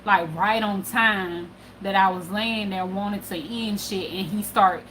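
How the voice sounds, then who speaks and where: A woman telling a personal story casually, profane and animated, dropping low then getting loud. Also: unhurried, a little hiss or hum. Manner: animated and profane, swinging between hushed and loud. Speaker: spiritual channel host.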